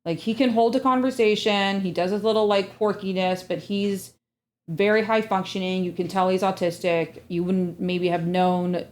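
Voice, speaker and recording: A woman co-hosting a casual podcast chat, blunt and animated, swearing freely as she talks as a parent. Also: mid-range voice, moderate pace. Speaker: podcast co-host; parent of an autistic child.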